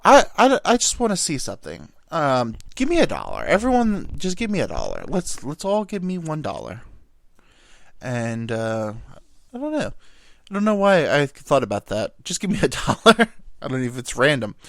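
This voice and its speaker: A man's voice: on the high side, wildly swooping pitch, moderate pace, creaky, no echo, studio quality. A young man hosting a podcast, telling stories in a rambling comedic monologue with stammered restarts and casual swearing. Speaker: podcast host.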